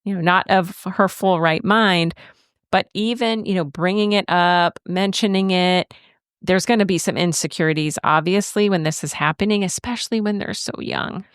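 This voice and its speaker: Middle-aged woman chatting on a podcast, lowish smooth voice, laughs a lot while telling stories. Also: steady tone, moderate pace, no echo, studio quality. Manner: chatty storyteller who laughs often. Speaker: podcast co-host. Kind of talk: casual podcast chat.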